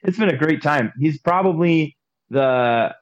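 A man's voice: a little high, expressive, a little slow. A man in casual podcast chat, rambling and hesitant, with many fillers. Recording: slightly dull lo-fi sound.

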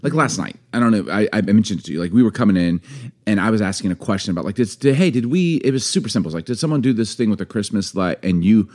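A man's voice: on the low side, quick pace. A man in casual chat with his wife, acting out phrases in different voices and laughing often. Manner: animated, acts out lines in put-on voices, laughs often. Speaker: podcast co-host with his wife.

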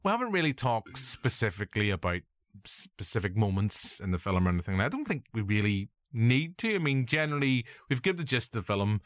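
Lower-voiced man chatting about films. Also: very animated, fairly quick, fairly bright tone, dry recording, clean studio sound. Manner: enthusiastic, quotes film lines in put-on voices. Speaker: podcast co-host. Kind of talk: casual film review chat.

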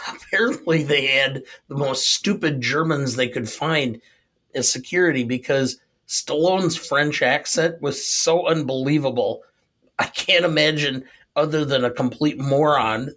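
A man co-hosts a casual movie review chat. His voice sits a little high for a man. He talks in a wry, incredulous way and chuckles between his points. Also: pushed and bright. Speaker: podcast co-host.

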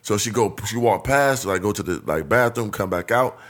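Young guy rattling off a wild story, swears a lot, bright tone, does voices. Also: on the low side, normal speed. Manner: animated, profane, acts out voices, laughs. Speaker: guest telling a story. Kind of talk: casual storytelling.

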